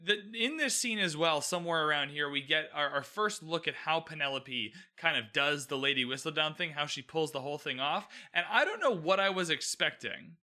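A man hosts a casual recap podcast by himself. His voice is bright and forceful, set a little high for a man, and he talks in a chatty, animated way, laughing at his own asides. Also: a little fast, few pauses. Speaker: podcast host.

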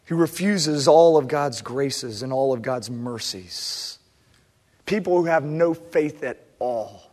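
A man in his thirties, a pastor delivering a sermon, moving from quiet reflection to loud, impassioned preaching. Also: medium pitch, takes it slowly. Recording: long reverb of a large hall.

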